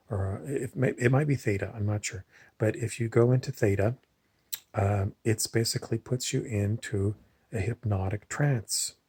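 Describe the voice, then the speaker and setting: A man's voice: fairly low pitch, a little mellow, slightly rough, dry recording. A man talking casually in a rambling, digressive monologue, wandering between points with loose, unpolished phrasing. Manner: digressive, loose, with many fillers and restarts.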